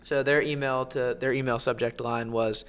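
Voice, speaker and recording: A man's voice: mid-range voice, level tone, normal speed, fairly bright tone, clean tone. Joking man co-hosting a podcast. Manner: joking, dry teasing. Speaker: podcast co-host. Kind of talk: casual marketing chat.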